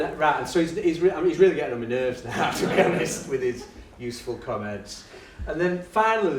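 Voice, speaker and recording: A man's voice: high voice, a little hiss or hum. A middle-aged man telling classroom stories to an audience, laughing often and acting out his pupils. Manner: animated storyteller, laughs often, acts out voices of pupils. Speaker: education speaker and guest. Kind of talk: lively anecdotal talk to an audience. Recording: roomy and distant with faint ambience.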